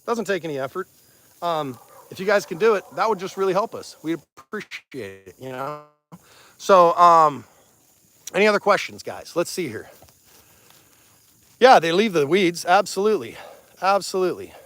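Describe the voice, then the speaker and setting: Folksy Missouri rancher, higher voice. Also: male voice, big pitch swings, normal speed, pauses often, fairly bright tone. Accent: Missouri Ozarks. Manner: folksy, plainspoken, chatty with viewers. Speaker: rancher and livestream host. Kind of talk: casual outdoor livestream talk. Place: outdoors on a pasture. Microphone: phone on a selfie stick.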